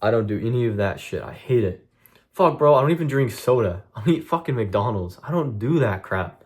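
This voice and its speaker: A man's voice: lowish voice, expressive, brisk, darkish tone. A young man streaming a blunt, profane monologue to his chat, venting intensely about discipline and cutting things out. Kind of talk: casual vlog monologue to chat.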